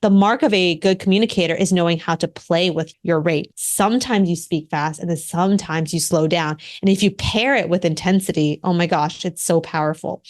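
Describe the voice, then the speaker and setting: A woman in her thirties, a communication coach and author, speaking as a podcast guest in an animated, emphatic way. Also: on the low side. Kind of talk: podcast interview.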